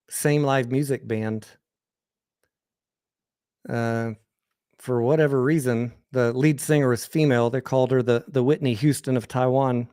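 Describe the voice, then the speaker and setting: A man's voice: medium pitch, a little mellow, dry recording, studio quality. A man with an American accent hosting a livestream, telling crude, rambling personal anecdotes in a candid, casual way with frequent restarts. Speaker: host.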